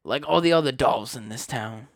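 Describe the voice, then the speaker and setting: A man's voice: mid-range voice, normal speed, vocal fry, dry recording, studio quality, pitched below the performer's own voice, lightly acted. A man voicing an exasperated young gangster husband in a mock British accent for a comedic parody. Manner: exasperated, slang-heavy. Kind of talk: comedic parody reading with friends.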